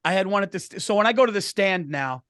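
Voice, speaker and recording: A man's voice: high voice, lively intonation, fast talker, fairly bright tone, dry recording, studio quality. A man co-hosting a comedy podcast, telling rambling anecdotes and saying "dude" constantly. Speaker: podcast co-host. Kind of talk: casual comedic chat.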